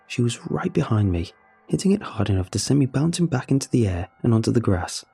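A young man narrating a first-person horror story in a somber, measured, confessional way. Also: medium pitch, big pitch swings, gravelly, dark tone, husky. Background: faint music.

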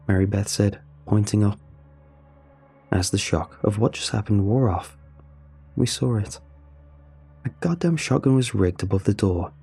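A young man narrating a first-person horror story in a somber, steady way. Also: fairly low pitch, a little slow, creaky, pauses often, husky, faint music behind.

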